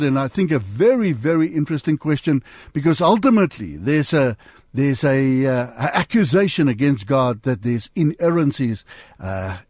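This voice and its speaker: A man with a fairly high, animated voice hosts a question-and-answer talk show. He reads out a listener's question in a lively, conversational way and hands it over to his co-host. The sound is dry and close-miked. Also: dry recording.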